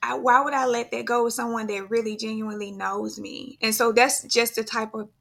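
A woman's voice: on the high side, level tone, a little fast, creaky. A woman in her thirties, a podcast host, telling a personal story in casual chat and quoting others as she goes. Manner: storytelling, voice-quoting others, soft when grieving.

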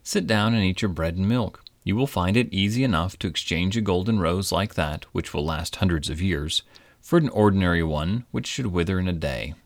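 Man doing a proud gold-loving king, hearty, exclaiming, deep voice, storybook figure. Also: moderate pace, no echo. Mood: soothing.

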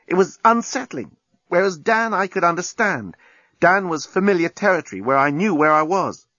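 A man's voice: high voice, animated, normal speed, sharp tone, no room sound, pitched above the performer's own voice, heavily acted. A man voicing Lucy, a thoughtful woman who speaks earnestly about her life. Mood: reflective.

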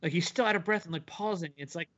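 A man co-hosting a casual podcast chat, opinionated and profane, telling stories with animated asides. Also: on the high side, quick pace, dull audio. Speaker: podcast co-host.

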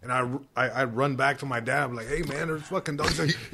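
Profane storytelling man, slightly high voice. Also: brisk, few pauses, pushed and bright, a little hiss or hum. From Mexican-American family. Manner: profane, laughing, acts out quotes. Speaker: storyteller guest. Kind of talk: casual storytelling chat.

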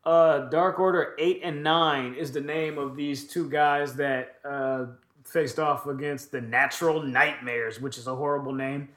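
A man's voice: on the high side, steady tone, unhurried, fairly bright tone, echoey room. A man co-hosting a podcast, recapping wrestling in a loose, profane, rambling way with lots of fillers. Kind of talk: casual chat.

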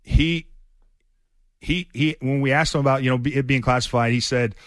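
In clean, dry studio sound, a man with a mid-range voice hosts a sports radio show at a moderate pace. He tells casual sports stories loosely and ramblingly, with many fillers and restarts.

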